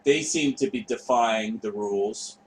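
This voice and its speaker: In a fairly low, unhurried voice, a man hosts a show, commenting off the cuff over footage. He's rambling, offhand and freely profane, and the poor audio has slight background noise.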